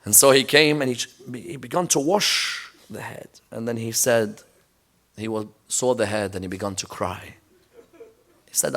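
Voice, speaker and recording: A man's voice: mid-range voice, normal speed, fairly bright tone. A man preaching a sermon in a mosque, telling the story emphatically and checking in with the audience with rhetorical questions. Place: mosque lecture.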